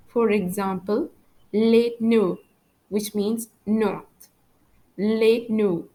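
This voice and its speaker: A woman's voice: medium pitch, poor audio. A woman teaching French in a lesson, patiently repeating each example word. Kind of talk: language lesson.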